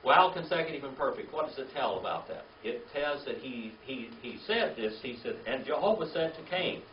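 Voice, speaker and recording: A man leads a Bible class, firing questions at the group and drilling Hebrew words out loud. His voice sounds roomy and comes from some distance off the mic. The recording is dull and lo-fi, with faint room noise underneath. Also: medium pitch, lively intonation, a little fast, hardly any pauses. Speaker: Bible teacher. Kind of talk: Bible class teaching with call-and-response.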